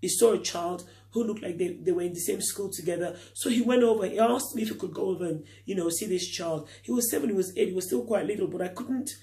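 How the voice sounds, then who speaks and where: A man's voice: high-pitched, fast, few pauses, mellow. A middle-aged man giving a reflective vlog talk, earnest and full of rhetorical questions. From Nigeria. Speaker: vlogger.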